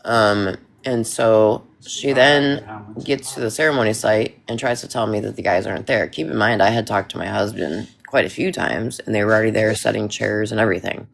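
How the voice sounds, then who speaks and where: A woman with a gravelly, fry-laced voice tells a story in a casual chat. She rambles and restarts, leaning hard on emphatic lines. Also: rumbling low, fairly quick.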